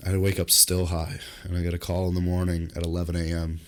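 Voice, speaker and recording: Young man, very deep voice, podcast co-host, animated storyteller, cursing, comic squeaky quotes. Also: fast. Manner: animated storyteller, jumps high into acted quotes; swears freely, comic deadpan asides. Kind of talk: casual storytelling chat.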